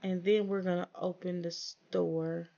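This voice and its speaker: A gaming channel host gives casual let's-play commentary on her farm game, chatting to viewers, talking back to her characters, and making exasperated asides about small frustrations. Her voice is a bit low, gravelly, level, unhurried, and mellow, and the recording sounds dull and lo-fi.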